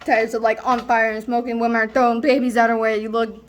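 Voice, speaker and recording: A woman's voice: on the high side, quick pace, lightly acted. A young woman playing a rambling reckless slacker. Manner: rambling, excitable storytelling with fillers. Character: rambling reckless slacker student, gleefully boastful. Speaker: student actor. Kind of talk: stage monologue, self-recorded.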